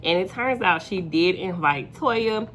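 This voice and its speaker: A woman's voice: fairly low pitch, lively intonation, a little slow, fairly bright tone, slight background noise. A young woman casually recapping a reality show episode, chatty and opinionated, with plenty of fillers.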